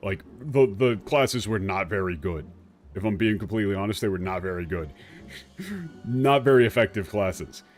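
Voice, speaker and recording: Rambling low-voiced male game streamer. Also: expressive, moderate pace, faint music behind. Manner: rambling, laughs often. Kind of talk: casual gameplay commentary.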